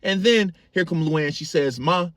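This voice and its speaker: A man's voice: fairly high pitch, very animated, normal speed, no echo. A man telling a casual, profane story and calling his listeners gang.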